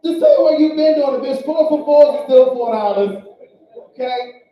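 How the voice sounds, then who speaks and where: A male comedian doing a stand-up set, loud and brash, swinging between shouting and muttering, on a club stage. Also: very high-pitched, moderate pace. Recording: echoey distant club recording, dull sound.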